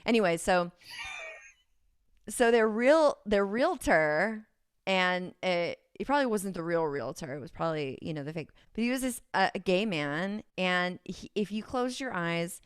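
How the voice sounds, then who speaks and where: A woman's voice: on the low side, animated, measured pace, smooth, dry recording, clean studio sound. A woman with a Californian accent, a podcast guest who rambles and giggles through casual chat, full of ums. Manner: rambling, giggly, many fillers.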